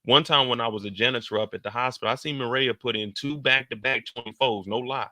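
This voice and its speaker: Male live-stream host, casual reaction commentary; very bright, tense tone, close and dry; animated, slangy delivery. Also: fast, no echo. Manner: animated slangy storytelling with sudden loud, high outbursts.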